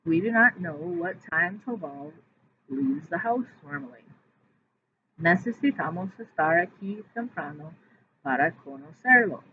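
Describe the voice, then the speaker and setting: A woman's voice: fairly low pitch, expressive, unhurried. A woman reading the lines of a teenage boy from a textbook dialogue, translating each line after saying it. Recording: tinny phone-like audio with faint hiss.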